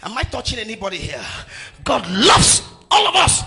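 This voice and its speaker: A man preaching a sermon in a sing-song cadence, shifting between shouting and quiet, hushed passages. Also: extremely high pitch, huge pitch swings, moderate pace, background noise. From Nigeria. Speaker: pastor.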